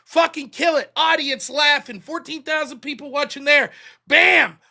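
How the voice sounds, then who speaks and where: A man hosts his own live stream, rambling through his day in a loose, profane, self-mocking way. His voice sits high for a man and sounds bright and sharp. He jumps between crude jokes and half-apologies without slowing down. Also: gravelly. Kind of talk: casual live-stream monologue.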